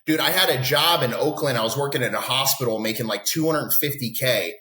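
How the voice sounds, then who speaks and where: A man telling wild stories in casual podcast chat, profane, rambling and animated, from Texas. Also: mid-range voice, fairly quick. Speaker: podcast guest. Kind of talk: casual storytelling. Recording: roomy echo.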